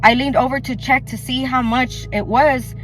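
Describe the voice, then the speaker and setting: A woman's voice: high-pitched, fairly even intonation, normal speed, a bit bright, soft background music. A woman telling a personal faith testimony in an earnest, chatty way, often saying "like" and acting out what others said. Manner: earnest, chatty, full of "like" and quoted dialogue. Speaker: faith vlogger.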